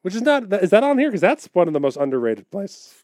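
A fairly high-pitched man with a lively, bouncing voice trades food opinions with friends, cursing freely and laughing a lot. The sound is dry and close, with no room around it. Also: fast, no room sound. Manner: swearing, animated, laughs often. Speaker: podcast co-host. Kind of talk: casual chat.

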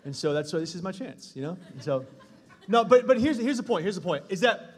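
Man, pastor, funny sermon story, self-mocking, high voice, long hall reverb. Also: animated, brisk, husky. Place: church stage before a congregation.

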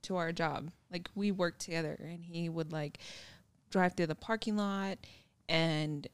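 A woman's voice: fairly low pitch, measured pace, smooth, no room sound. A young woman co-hosting a casual podcast, recounting a story candidly and profanely. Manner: candid, profane, animated retelling.

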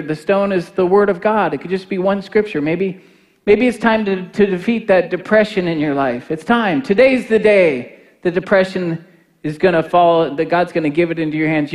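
A middle-aged male pastor with a notably high voice delivers a sermon. He starts with a relaxed, chatty story, then rises into passionate, rousing exhortation. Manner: storytelling, building to fervent shouted exhortation.

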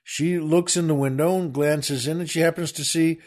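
A man's voice: on the high side, steady tone, normal speed, a little mellow. A man hosting a podcast, casually telling a joke and chuckling as he rambles along with many fillers. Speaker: podcast host.

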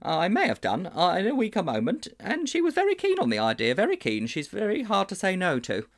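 Man putting on a lovesick schoolteacher, stammering, fretful, swooping pitch, storybook voice. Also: huge pitch swings, brisk, heavily acted. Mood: flustered. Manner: fretful, stammering, dramatic wailing. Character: flustered lovesick male schoolteacher, middle-aged.

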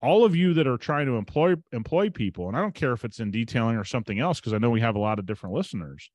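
A man's voice: mid-range voice, lively intonation, very fast, a little mellow, no echo, highs cut off. A man hosting a podcast, telling a story in a casual, emphatic way and retelling conversations as quoted dialogue. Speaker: podcast host.

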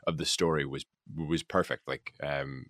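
A man from the United States, an actor guest, chatting casually and telling stories with lively quoted voices. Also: rumbling low, normal speed, no echo, clean studio sound. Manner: animated storyteller, acts out quoted voices. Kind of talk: casual podcast chat.

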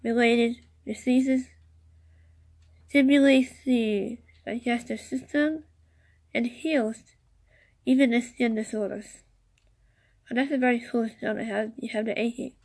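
Woman podcast host, slightly high voice, slow halting read with fillers, chatty asides. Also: fairly even intonation, darkish tone. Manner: slow, halting reading with many fillers and restarts. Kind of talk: casual solo podcast about crystals.

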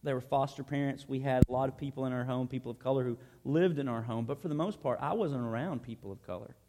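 A pastor from Arkansas with a medium-pitched, dark-toned voice speaks fast. His sermon is conversational and earnest, told through personal stories.

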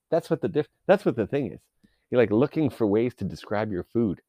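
A man's voice: medium pitch, expressive, a little fast, dark tone, no echo. Profane, rambling man on a dry mic. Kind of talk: casual solo rant.

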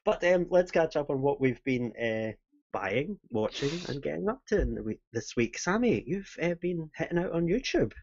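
Lively teasing man hosting. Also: on the high side, normal speed. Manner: teasing, laughs a lot, hosts the round. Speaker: podcast host. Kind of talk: casual podcast chat. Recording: dull lo-fi sound.

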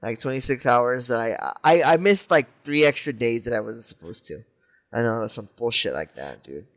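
A man's voice: mid-range voice, expressive, a bit bright. A young man co-hosting a podcast, talking in a laid-back, offhand way. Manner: laid-back, quick agreeing remarks. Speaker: podcast co-host. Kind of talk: casual chat.

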